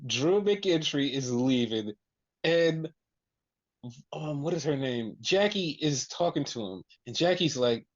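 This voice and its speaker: Profane, animated podcast host. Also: mid-range voice, measured pace, lo-fi sound. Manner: profane, animated retelling with voiced quotes. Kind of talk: casual wrestling recap chat.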